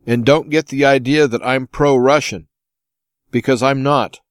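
A man's voice: mid-range voice, steady tone, a little slow, no room sound, studio quality. Impassioned American man ranting on a show. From United States. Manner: impassioned ranting, rhetorical questions. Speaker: host. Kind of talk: opinion monologue.

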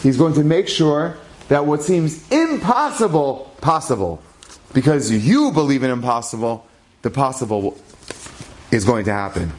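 A man telling a religious story aloud, acting out what the people in it say and lifting his voice at the tense turns. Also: measured pace. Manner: animated, rises in pitch at dramatic moments; acts out characters' lines in his own voice.

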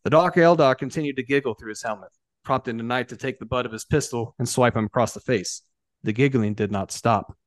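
A man's voice: medium pitch, fairly quick, no room sound. Man steadily reading a story aloud. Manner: steady reading with small restarts. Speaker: narrator. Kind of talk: scripted story narration.

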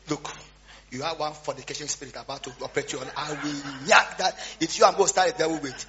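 A man preaching a storytelling sermon, swinging between quiet asides and loud shouts. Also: on the high side, fairly even intonation, quick pace. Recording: dull lo-fi sound with faint hum.

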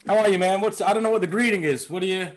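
A comedian guest chatting playfully over a video call, rambling and laughing often. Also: male voice, high-pitched, very fast. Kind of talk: casual comedic chat.

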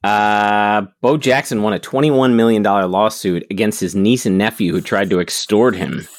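A man's voice: on the low side, normal speed, no room sound. A man co-hosting a comedy podcast, bringing up news items and adding sarcastic quips in casual banter. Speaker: podcast co-host.

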